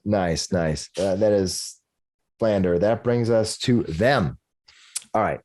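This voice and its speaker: Animated man running a tabletop game. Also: fairly low pitch, takes it slowly. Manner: animated, narrates the monsters' actions with relish. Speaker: dungeon master.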